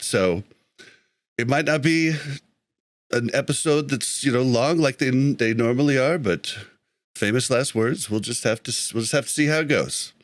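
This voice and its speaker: A man's voice: mid-range voice, dry recording. A man hosting a casual gaming podcast over an online call, laughing easily and correcting himself as he goes. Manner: laughs often, loose and self-correcting. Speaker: podcast host.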